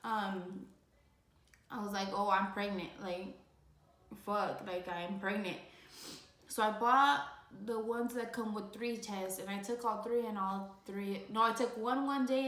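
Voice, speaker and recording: A woman's voice: mid-range voice, moderate pace, fairly bright tone. Young woman telling a tearful story in an echoey room. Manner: rambling, heavy use of "like"; emotional, tearing up at times. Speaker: vlogger. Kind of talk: casual storytime vlog.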